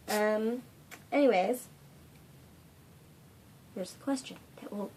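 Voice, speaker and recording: Slow-talking gushing fangirl. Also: a little high, lively intonation, a little mellow, a little hiss or hum. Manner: gushing fangirl, dramatic asides. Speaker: fandom channel host. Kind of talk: casual Q&A vlog. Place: home room.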